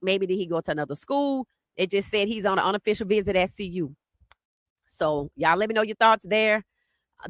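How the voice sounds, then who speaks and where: A woman hosts a live sports podcast stream. Her voice is bright and forceful. She sounds animated and teasing, and the recording is dry and close. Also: on the low side, dry recording. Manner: animated, teasing, greets chat viewers by name.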